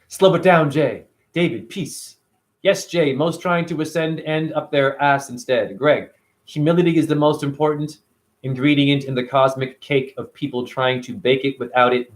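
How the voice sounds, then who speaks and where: A man hosting a casual livestream, talking animatedly and profanely and answering viewers by name. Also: a little high. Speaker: livestream host reading chat.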